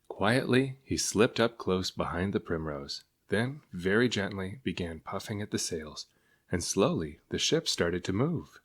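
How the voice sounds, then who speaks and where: Guy with a lowish voice reading a kids book out loud, lively storytelling. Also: a little slow. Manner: expressive storytelling. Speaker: parent reading aloud. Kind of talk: children's book read-aloud.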